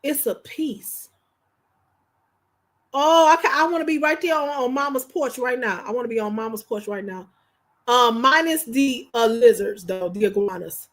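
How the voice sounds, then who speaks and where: A woman chatting casually on a livestream, telling animated stories to her viewers in slangy, informal speech. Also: a little high, moderate pace. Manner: animated, chatty storyteller addressing viewers directly. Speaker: livestream host.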